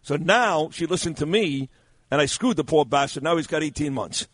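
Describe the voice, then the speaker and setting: A man hosting a morning talk radio show, brash and teasing in quick banter, on a studio microphone. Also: fairly high pitch, expressive, breathy edge, no room sound.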